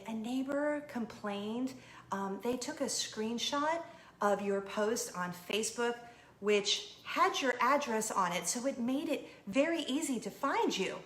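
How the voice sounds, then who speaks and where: Animated storytelling mom, echoey room. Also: female voice, on the high side. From not from Florida. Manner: animated, acts out quoted voices, laughs. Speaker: homeschooling mom telling a story. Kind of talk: casual storytelling to camera.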